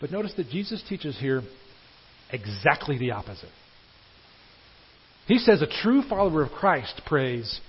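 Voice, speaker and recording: Husky preacher, earnest and emphatic. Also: male voice, mid-range voice, very animated, a little slow, long pauses. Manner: earnest, emphatic preaching with wide swings from loud to hushed. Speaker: pastor. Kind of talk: sermon. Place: church sanctuary. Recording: dull lo-fi sermon recording.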